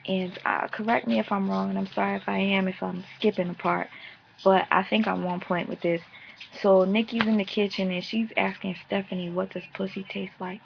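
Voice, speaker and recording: A woman's voice: mid-range voice, steady tone, fairly quick, gravelly, highs cut off, a little hiss or hum. A woman giving a brash, profane, sassy casual recap of a reality show episode. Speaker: vlogger reviewing a reality show.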